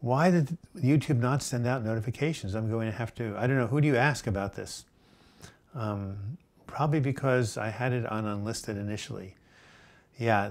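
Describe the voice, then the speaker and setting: A middle-aged man hosting a live chat, reading viewer comments aloud and answering them with gentle advice, full of fillers and restarts. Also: mid-range voice. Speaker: host answering viewer questions.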